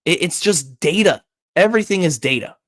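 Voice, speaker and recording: A man with a high-pitched voice hosts a sports podcast, ranting about his team's decisions. He talks fast and heated, tripping over his words and restarting sentences as his frustration builds. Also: lively intonation, fairly bright tone. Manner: heated, rapid, frequent restarts. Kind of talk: opinionated sports commentary.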